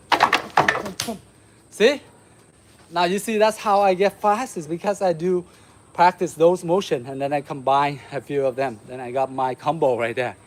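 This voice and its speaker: Male martial arts instructor, Vietnamese accent, slightly high voice, demonstrating strikes with faint background noise. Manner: demonstrating moves, counting, shouting "boom". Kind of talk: live martial arts lesson.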